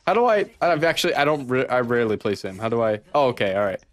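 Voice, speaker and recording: A man streaming a game with friends, laughing a lot, swearing and shouting in excitement. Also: mid-range voice, quick pace. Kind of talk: casual gaming chat with friends.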